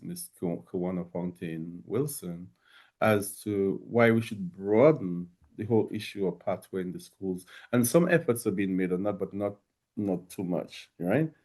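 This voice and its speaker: A low-pitched man from Dominica speaks as a guest in a conversational interview. He talks reflectively, pausing and restarting as he works through his thoughts. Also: a little mellow. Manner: reflective, many fillers and restarts.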